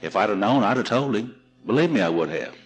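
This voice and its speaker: Folksy guy telling his story, real low voice, old seminar tape with faint music. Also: animated, fast talker, low-quality recording. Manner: folksy, humorous, repeats and restarts. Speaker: recovery seminar speaker. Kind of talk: storytelling talk to an audience.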